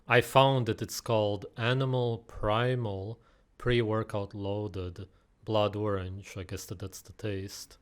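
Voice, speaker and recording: Scornful male reaction commentator. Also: on the low side. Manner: scornful, sarcastic.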